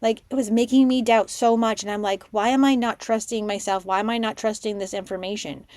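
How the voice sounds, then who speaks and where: A woman hosting a spiritual podcast, telling stories in an excitable, rambling way and dropping to a hush for her inner thoughts. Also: mid-range voice, fairly quick, no echo. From Canada. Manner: excitable storytelling, drops to a hushed voice for her own thoughts. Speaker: podcast host, spiritual mentor. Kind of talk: casual monologue podcast.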